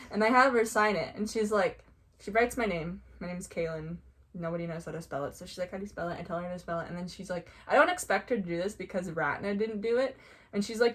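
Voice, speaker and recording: A young woman vlogger tells casual stories in an excitable, gushing way, saying "like" constantly. When she gets excited, she quickly swings up into high squeals.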